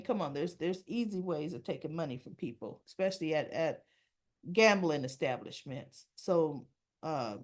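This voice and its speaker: A woman's voice: on the low side, a little mellow. Chatty woman recapping a soap. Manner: rambling, self-correcting, chatty asides. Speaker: soap opera recap host. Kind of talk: casual spoken recap.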